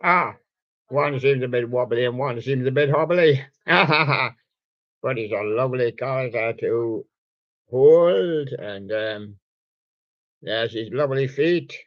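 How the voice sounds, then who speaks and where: A man hosting a home online radio show, chatting casually and showing soft toys in a rambling, jokey way full of puns. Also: medium pitch, takes it slowly, no echo, muffled recording.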